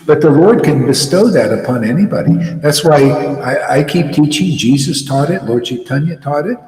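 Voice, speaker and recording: A man's voice: medium pitch, darkish tone. A man, a spiritual teacher, giving an earnest devotional talk, often repeating words as he preaches. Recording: echoey hall, from far off.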